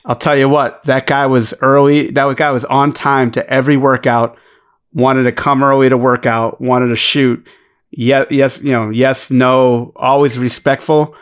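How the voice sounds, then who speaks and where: Fast-talking Boston man, podcast guest, cursing and joking, mid-pitched. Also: level tone, clear, resonant tone. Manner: fast, profane, joking, repeats words when starting. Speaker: podcast guest, basketball coach. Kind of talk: casual podcast chat.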